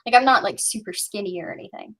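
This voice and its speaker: A woman chatting casually on a live stream panel, telling an animated story and acting out what others said. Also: medium pitch, fast talker. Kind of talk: casual chat.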